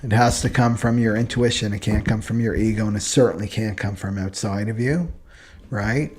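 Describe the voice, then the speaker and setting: A man's voice: fairly low pitch, fairly even intonation, normal speed, a little mellow, husky. A man giving a casual, rambling spoken lesson on personality types, earnest and often checking in with "right?". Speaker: astrology and human design teacher. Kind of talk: casual spoken teaching monologue.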